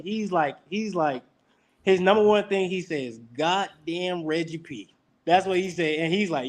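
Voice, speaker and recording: Here a young man speaks at a normal speed with a high voice. As a college football player chatting on a relaxed podcast, he tells stories with energy and acts out what people said.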